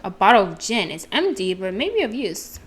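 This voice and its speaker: A woman playing a game, reading its descriptions aloud and thinking through puzzles out loud. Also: mid-range voice, sing-song, normal speed, slight background noise. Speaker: let's play gamer. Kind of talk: reading game text and commentary. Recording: game music behind. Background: game music.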